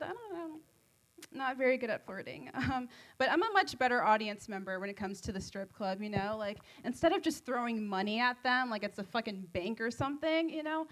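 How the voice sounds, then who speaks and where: A woman doing a stand-up set at an open mic on a comedy club stage, rambling and giggly, high on edibles, with self-deprecating jokes. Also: lively intonation, brisk, fairly bright tone.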